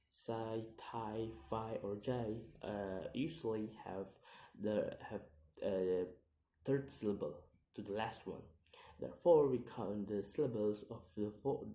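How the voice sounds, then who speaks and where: A man whose first language is Indonesian explains word stress in an English pronunciation lecture, stopping and restarting often and repeating each example word slowly. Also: lowish voice, mellow, echoey room, low-quality recording. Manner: slow, stops and restarts, says example words twice.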